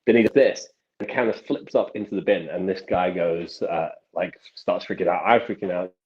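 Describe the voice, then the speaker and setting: Deep-voiced young man, telling stories. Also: moderate pace. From England. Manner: animated anecdote-telling with many restarts. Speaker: magician guest. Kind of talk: casual podcast storytelling. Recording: dull lo-fi sound.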